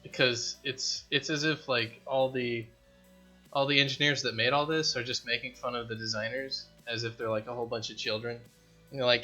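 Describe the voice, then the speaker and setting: A man with a bright, forceful voice talks casually through a dev vlog, rambling and poking fun at himself as he works on his game from a home basement. Faint music plays quietly underneath. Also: mid-range voice, steady tone, moderate pace. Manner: rambling, self-deprecating, joking. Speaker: indie game developer. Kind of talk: casual dev vlog talk while programming.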